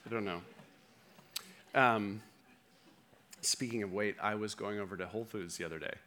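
A man's voice: on the low side, steady tone, moderate pace, bright, forceful tone, voice pushed down. A man acting out a gossipy, judgmental male churchgoer who rambles catty remarks with laughing asides.

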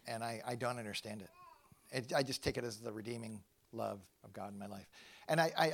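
A middle-aged man giving a casual, animated sermon to a live church audience, self-deprecating and thinking aloud with frequent restarts. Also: mid-range voice, creaky. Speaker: pastor.

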